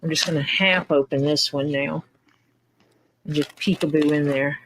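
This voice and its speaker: A woman's voice: deep voice, fairly even intonation, normal speed, a little hiss or hum. Chatty woman hosting a craft livestream. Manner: chatty, rambling, tells stories with quoted dialogue. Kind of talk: casual chat.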